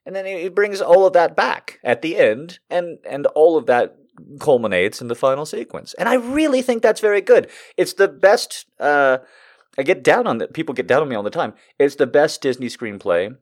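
A man's voice: fairly high pitch, very animated, moderate pace. A young man hosting a podcast, rambling through crude, self-deprecating jokes in casual comic chat. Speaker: podcast host. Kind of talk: casual comedic monologue.

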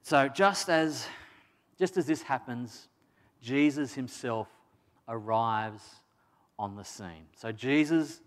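A man's voice: medium pitch, slow, pauses often. A man preaching a sermon in a conversational, emphatic way, with restarts and casual asides.

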